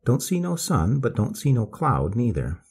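A man voicing a soft-spoken, drawling male escaped convict, polite and slow. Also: medium pitch, huge pitch swings, husky, voice pushed up, full character voice. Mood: calm polite.

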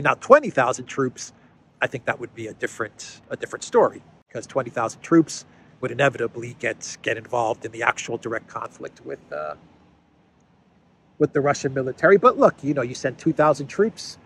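A man's voice: mid-range voice, lively intonation, brisk, a bit bright, breathy edge. A man hosting a casual political commentary show, talking in a conversational way, repeating words as he thinks and adding sardonic asides.

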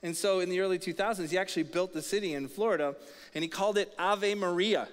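A man preaching a sermon as pastor, energetic and leading the congregation in call-and-response. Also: sits high, fast talker, smooth. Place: large church auditorium. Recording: long reverb of a church hall.

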